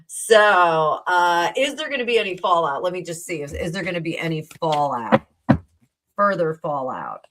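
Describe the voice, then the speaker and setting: A woman's voice: fairly low pitch, animated, normal speed, a bit bright, slight background noise, poor audio. A woman from New Jersey hosting a live tarot reading, rambling chattily with lots of fillers and asides to her viewers. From New Jersey, USA. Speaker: tarot reader and livestream host.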